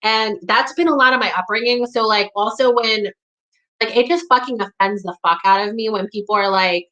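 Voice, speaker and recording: A young woman from the New York area speaking candidly in conversation, blunt and profane, with a steady stream of "like" and "you know". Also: medium pitch, normal speed, poor audio. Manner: blunt, profane, heavy use of "like".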